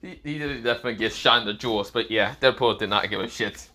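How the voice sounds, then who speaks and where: A man's voice: medium pitch, quick pace, pushed and bright. A young man improvising a comic fan story, rambling and crude with many fillers. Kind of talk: improvised comedic story narration.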